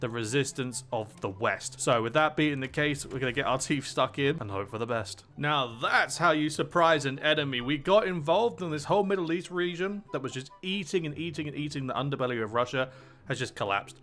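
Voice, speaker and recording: A young man talks through a strategy game in a loose, chatty way, drifting between asides and quips and laughing at his own jokes. His voice sits at a middling, everyday pitch. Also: brisk, a bit bright. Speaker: gaming channel host. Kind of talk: casual strategy game commentary.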